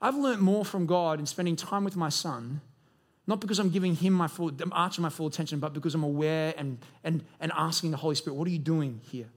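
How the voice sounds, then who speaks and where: A young man preaches with a fairly high voice, lively and animated. He keeps slipping into quick acted-out voices to bring his stories to life. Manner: animated, acts out voices in quotes. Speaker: pastor. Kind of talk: sermon.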